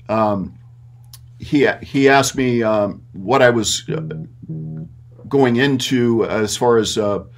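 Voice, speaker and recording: A middle-aged man talking about his mentors in a casual interview. He rambles and fills his pauses with uh and um. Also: lowish voice. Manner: rambling with many fillers. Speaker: guest, puppet maker.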